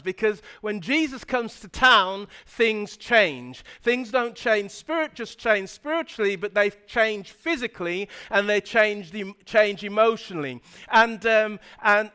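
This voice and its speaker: Pastor guy in a church, crisp smooth voice, telling a story sermon, lots of restarts. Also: sits high. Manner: animated retelling with frequent restarts.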